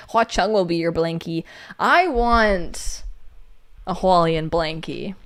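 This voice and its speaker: A woman's voice: expressive, drawn-out words. Giggly woman chatting on a livestream. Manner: giggly and playful, jumps to squeaky exclamations. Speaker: livestream co-host. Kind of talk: casual chat reading viewer comments aloud.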